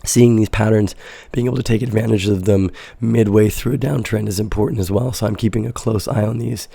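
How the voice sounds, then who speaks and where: A hoarse man with a stuffy nose and a heavily gravelly, husky low voice walks through a market chart in a loose, rambling way. His tone is dark and mellow, recorded close and dry with no room sound. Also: steady tone, brisk, no room sound. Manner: loose, rambling explanation with self-corrections. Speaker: crypto trading show host. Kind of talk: casual live market analysis.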